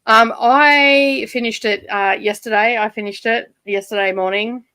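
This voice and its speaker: A woman's voice: on the high side, steady tone, a little slow, pushed and bright, smooth. Giggly, chatty Australian woman. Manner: chatty, giggly, rambling with many fillers. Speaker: streamer hosting a reading sprint. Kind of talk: casual chat.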